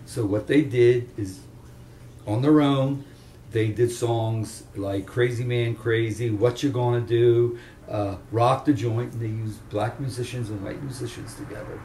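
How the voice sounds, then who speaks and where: A man's voice: medium pitch, darkish tone, slight background noise. Older man telling stories from afar. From Chester, Pennsylvania area. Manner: rambling, anecdotal, with restarts. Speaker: veteran rock guitarist interviewee. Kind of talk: casual storytelling interview. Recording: roomy room, distant mic, faint ambience.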